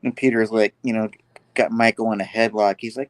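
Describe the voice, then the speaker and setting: A man hosting a show, casually recapping a comic book and quickly acting out each character's lines. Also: lowish voice, no room sound. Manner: animated retelling, acting out characters' lines with laughs. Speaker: host.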